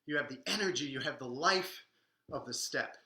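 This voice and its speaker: A man with a bright, forceful voice teaches a dance lesson in an echoey room. He coaches energetically and counts out the beats while dancing, a little out of breath at times. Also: on the high side, normal speed. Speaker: swing dance instructor. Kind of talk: live online dance lesson.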